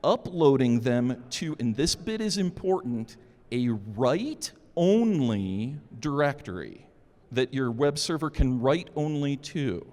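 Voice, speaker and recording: Man, conference speaker, lively swinging pitch, joking and informal, long hall reverb. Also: slow pace. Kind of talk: security conference talk.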